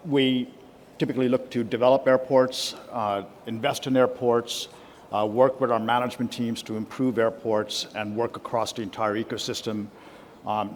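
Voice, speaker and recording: Measured man speaking flatly on a panel. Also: mid-range voice, a little hiss or hum. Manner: measured, with fillers. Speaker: airport investment chief executive, panelist. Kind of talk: conference panel introduction.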